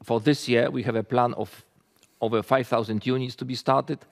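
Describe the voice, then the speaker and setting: Gravelly male executive in a reverberant hall. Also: medium pitch, steady tone. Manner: halting, frequent fillers and restarts. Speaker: company executive presenting results. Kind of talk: results presentation.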